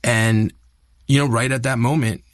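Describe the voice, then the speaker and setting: A man in his thirties, an actor telling a personal story in an interview, earnest and halting, often repeating words as he restarts. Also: medium pitch, fairly even intonation, no room sound, studio quality. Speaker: actor, guest.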